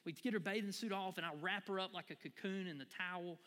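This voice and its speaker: A man's voice: sits high, fast talker, in a large hall. A man, preaching a sermon and telling a folksy personal story to his congregation. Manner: animated, folksy, addresses the crowd as y'all. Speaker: pastor.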